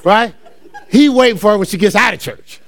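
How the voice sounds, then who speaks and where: A middle-aged man from New Jersey preaches a sermon as a laid-back story built on personal experiences, laughing often and calling the crowd y'all. His voice is high and a little fast.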